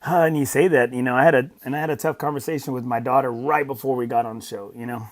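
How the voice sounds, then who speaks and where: A man's voice: mid-range voice, fairly even intonation, quick pace. A middle-aged man hosting a casual podcast chat, who talks emphatically and repeats phrases for stress. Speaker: podcast host and coach.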